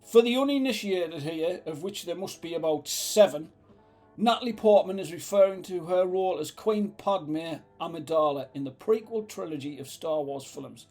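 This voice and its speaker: A man's voice: high voice, a little mellow. A man ranting as a vlogger, sarcastic, exasperated and swearing freely. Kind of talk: ranting commentary.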